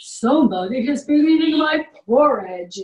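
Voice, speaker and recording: A woman voicing a big, stern father bear in a storybook reading, slow and emphatic, heard from far off in an echoey room. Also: high-pitched, animated, a little mellow.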